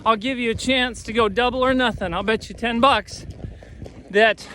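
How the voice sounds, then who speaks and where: A man's voice: very high voice, fairly even intonation, normal speed, pushed and bright, slight background noise, poor audio. A man voicing a crafty gambling old farmer in a told joke, sly and folksy.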